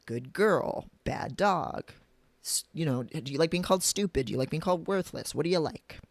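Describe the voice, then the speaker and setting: A man reads aloud from his own book on a livestream, speaking frankly and drifting into chatty personal tangents and casual asides. His voice is on the high side and creaky, with lively intonation and normal speed. It's captured on a desk streaming mic with no room sound.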